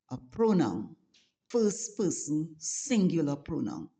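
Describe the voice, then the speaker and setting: Brief: Trinidadian woman, dialect teacher, low and mellow, unhurried delivery. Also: big pitch swings. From Trinidad and Tobago. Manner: slow, deliberate and instructive. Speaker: channel host teaching dialect. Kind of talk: scripted lesson narration.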